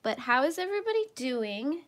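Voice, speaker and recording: A woman hosts a relaxed livestream from her home. Her voice sits a little high and she talks in an easy, chatty way. Now and then she drifts into soft near-whispers while she focuses on her work. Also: brisk. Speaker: livestream host. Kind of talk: casual livestream chat while coloring.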